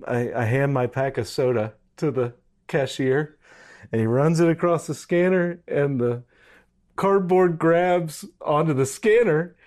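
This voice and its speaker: A middle-aged man in casual conversation, relaxed and laughing through a story he tells. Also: on the high side, unhurried.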